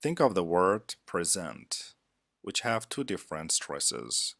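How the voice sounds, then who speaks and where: A man narrating a scripted English lesson as a teacher, with a measured, deliberate instructional delivery. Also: sits low, very animated, creaky, fairly bright tone, dry recording, clean studio sound.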